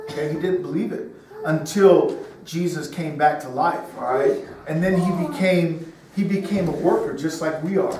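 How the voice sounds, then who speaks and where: Teaching a children's sermon in a crowded church room, a middle-aged man speaks in a high-pitched voice and keeps quizzing the kids, ending lines with "okay?" and "right?" The background is noisy, and the far-off mic picks up an echoey room.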